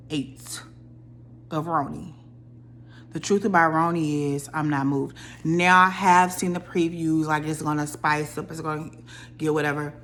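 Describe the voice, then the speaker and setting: A young woman casually ranting about a reality show, opinionated and animated, her voice jumping up when she quotes people. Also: low-pitched, vocal fry, a little hiss or hum. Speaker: reality TV commentator.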